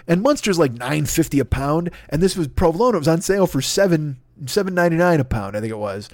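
This podcast host's voice is fairly high yet darkish in tone, with lively intonation and a fast delivery. Through a podcast microphone, in a dry, clean studio recording, he unloads an exasperated comic rant full of profanity.

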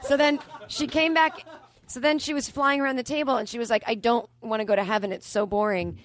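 Fast-talking deadpan woman comedian. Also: on the high side. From Boston area. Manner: deadpan, rapid run-on storytelling. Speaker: comedian guest. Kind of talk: improvised comedy storytelling.

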